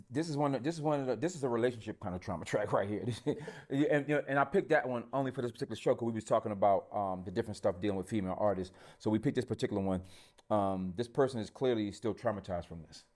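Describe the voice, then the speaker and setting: A man's voice: fairly low pitch, fast, a little mellow. A man hosting a podcast, talking bluntly in casual chat with plenty of profanity. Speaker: podcast host.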